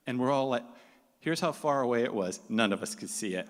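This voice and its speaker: A man telling a personal story on stage, lively and animated, slipping into the voices of the people he describes. His voice is mid-pitched, and a long hall reverb trails behind every phrase. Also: a little fast. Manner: animated, acts out the people he quotes.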